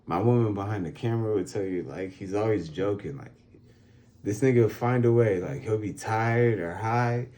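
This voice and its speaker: Out on a balcony, this Phoenix, Arizona interview guest in his thirties tells stories in a loose, profane, laid-back way packed with fillers. His voice is fairly low and mellow, moving at a moderate pace.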